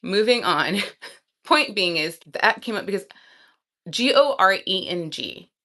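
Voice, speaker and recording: A woman vlogger chatting casually and thinking aloud, excitable and quick to laugh. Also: mid-range voice.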